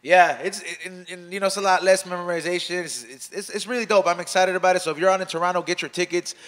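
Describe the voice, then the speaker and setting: A man hosting a podcast in casual chat, talking in fast, profane, slangy street talk that drops into Spanish. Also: sits high, steady tone, fairly bright tone. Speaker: podcast host.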